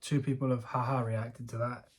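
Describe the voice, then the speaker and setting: A man with a mid-range, level voice talks at normal speed, giving casual, jokey commentary as a YouTuber from a room at home. Chatty and self-deprecating, he rambles and laughs often.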